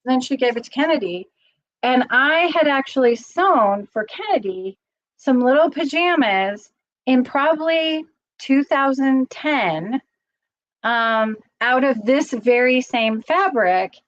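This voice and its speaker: A woman's voice: sits high, expressive, slow pace, dull audio. A middle-aged woman hosting a casual live stream, chatty and rambling, getting teary as she talks. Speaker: channel host.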